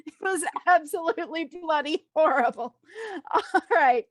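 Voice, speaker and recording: A woman's voice: high-pitched, a little slow, dry recording. A woman co-hosting a podcast, reading an article aloud with wry, blunt asides and frequent laughs. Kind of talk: casual chat, reading an article.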